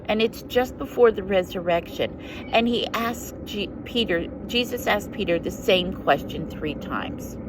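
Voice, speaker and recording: A woman hosting a faith journaling video, teaching a devotional Bible lesson in an earnest, gently encouraging way with emphatic repetition. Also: mid-range voice, a little slow, noisy background.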